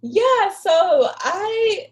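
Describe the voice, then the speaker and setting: A woman guest in a casual interview, telling travel stories in an animated, expressive way and laughing often. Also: extremely high pitch, very slow.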